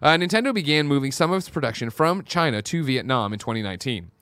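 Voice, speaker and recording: A man hosting a casual daily video game news show, reading headlines aloud with an animated, jokey delivery. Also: mid-range voice, fast, clean tone, dry recording, clean studio sound.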